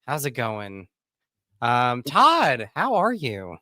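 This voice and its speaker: A man in his thirties, slightly hoarse, hosting a casual podcast and chatting in an animated way. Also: takes it slowly, no room sound, studio quality. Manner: animated, chatty, warm greetings with pitch jumps. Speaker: podcast co-host.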